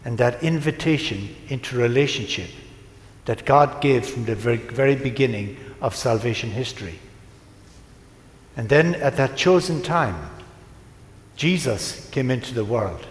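A priest preaching to his congregation, telling a story in a gentle, unhurried way with pauses. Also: medium pitch. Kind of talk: sermon. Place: large church. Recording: echoey church from a distance.

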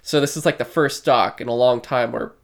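A man's voice: mid-range voice, steady tone, brisk, gravelly. A man co-hosting a podcast in casual chat, rambling loosely with plenty of fillers and swearing. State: short of breath. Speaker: podcast co-host.

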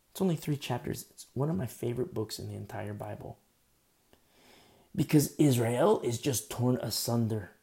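Gravelly pastor guy preaching, mellow dark voice, gets loud then drops real quiet. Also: mid-range voice. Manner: emphatic and conversational, swinging from loud to hushed. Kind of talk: sermon.

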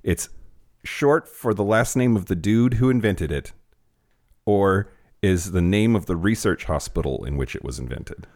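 A man's voice: sits low, expressive, measured pace, darkish tone. A man co-hosting a casual podcast, joking and swearing a lot, often restarting his sentences. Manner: profane, joking, lots of restarts. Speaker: podcast co-host.

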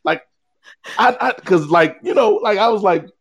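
A man telling a funny story in casual chat, animated and acting out the people in it. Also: normal speed, creaky, breathy edge. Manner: lively, acts out quoted voices with big pitch swings. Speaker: guest co-host.

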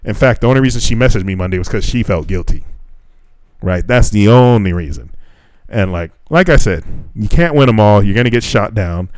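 Here a young podcast co-host talks briskly in a lowish voice, with no echo. He casually narrates a dating story, cursing freely and animating it by playing out the conversation.

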